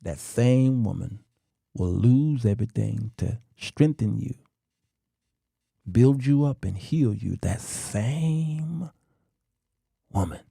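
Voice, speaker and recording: A middle-aged man talks to men in a slow, emphatic, sermon-like monologue, stretching his words and pausing for effect. His voice is gravelly and dark, recorded close and dry. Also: medium pitch, lively intonation, no room sound. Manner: slow, emphatic, drawn-out delivery with dramatic pauses. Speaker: talk show host.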